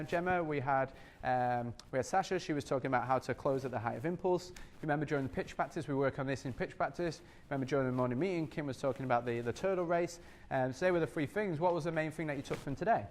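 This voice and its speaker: A man leading a sales training workshop, energetic and repetitive, often acting out customer scenes as he talks. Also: fairly high pitch, a little hiss or hum.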